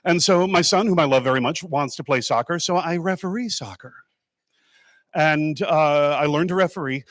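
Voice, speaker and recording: A man gives a comic speech on stage at an awards ceremony, telling stories in an animated way that breaks into sudden loud bursts. His voice sits fairly high for a man. The sound is dry and close, with no echo.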